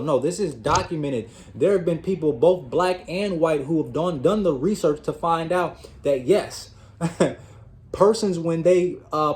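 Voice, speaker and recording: A man's voice: on the high side, a little mellow. A man hosting his own channel, giving a casual motivational talk straight to his audience, calling them y'all and repeating words as he finds his thoughts. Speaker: host of a self-improvement channel.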